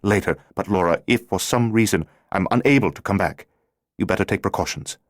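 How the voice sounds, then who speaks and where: A man's voice: deep voice, brisk, dry recording, clean studio sound, close to an everyday voice. A man playing an urgent, secretive male stranger in an audiobook, giving terse instructions.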